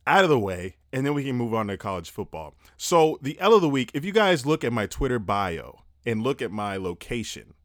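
A man's voice: mid-range voice, very animated, a little fast, few pauses, dry recording, studio quality. Profane young man ranting about sports. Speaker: podcast host. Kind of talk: casual sports podcast rant.

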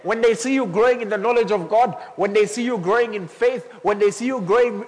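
A male pastor delivers a lively sermon in a slightly high voice, climbing to shouts and breaking into laughter. His words ring out with a long reverb from the hall around him. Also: a little fast. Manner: animated preaching, rising to shouts, with laughter.

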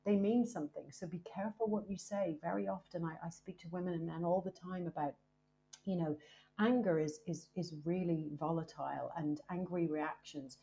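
A woman speaking as a guest in a candid podcast conversation, lively and emphatic, with many "you know" fillers. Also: lowish voice, normal speed, creaky, slight background noise. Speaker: guest, presenter and author.

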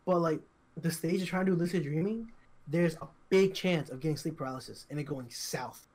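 A young man co-hosting a podcast, telling a story in casual chat, halting and repetitive, full of fillers and restarts. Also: a little high, a little mellow. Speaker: podcast co-host.

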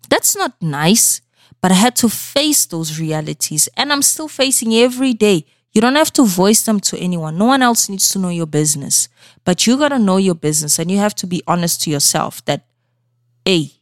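A South African woman hosts a solo motivational podcast, speaking directly to her listeners in an earnest, coaching tone and regularly checking in with them. Her voice is medium-pitched, recorded on a studio microphone with clean sound and no room echo.

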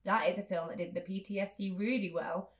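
A woman's voice: medium pitch, steady tone, fairly quick. A woman in casual podcast chat, rambling and searching for words as she talks. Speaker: podcast co-host.

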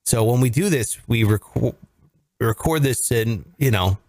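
A man's voice: mid-range voice, animated, measured pace, a little mellow. A man in his thirties hosting a casual podcast, joking and teasing his co-hosts in banter. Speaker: podcast host.

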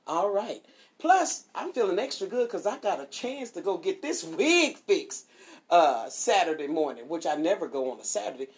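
A woman hosting a streaming devotional show, chatting casually and giving shout-outs before a Bible reading. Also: on the low side, normal speed. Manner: animated and chatty, swoops up on exclamations.

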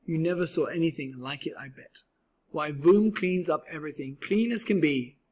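A man's voice: a little high, normal speed, darkish tone, natural voice. A man reading aloud and voicing a cheerful, boastful male cat in a tall hat, with a showy, exclaiming manner. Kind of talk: storybook read-aloud.

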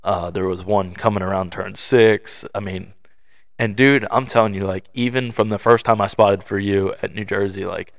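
Casting: young male podcast co-host, lower-pitched, rambling storyteller, dry studio sound. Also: steady tone, normal speed, vocal fry, no echo. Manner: storytelling, acting out quoted voices; loose, filler-heavy delivery. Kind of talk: casual chat.

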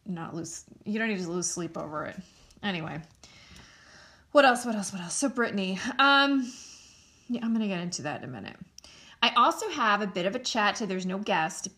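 A young American woman talks on her own podcast in a loose, candid, rambling way. She drifts from one aside to the next and swears without a second thought. Her pitch sits in an ordinary middle range for a woman. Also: fairly bright tone. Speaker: podcast host. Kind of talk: solo casual chat.

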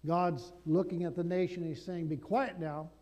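A male pastor preaching a sermon, swinging between loud declarations and hushed asides. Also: fairly high pitch, steady tone, moderate pace, big-room sound.

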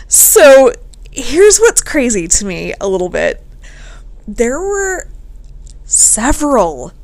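A woman hosting a casual podcast, telling a story in a profane, animated way and laughing often. She is a bit tipsy. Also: mid-range voice. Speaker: podcast host.

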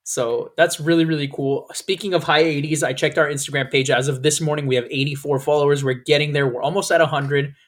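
A man chatting on a casual podcast with a slightly high voice. He talks fast, laughs a lot and swears freely. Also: steady tone. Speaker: podcast co-host.

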